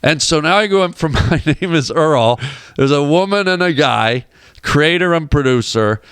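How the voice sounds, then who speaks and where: A man with a smooth, clear voice sitting a touch high for a man tells a story in a dry, close studio sound. He speaks on a radio talk show as a guest comedian, casual and lively, and he slips into the voices of the people in his tale. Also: moderate pace, no echo. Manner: animated storyteller who acts out quoted voices. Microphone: studio microphone.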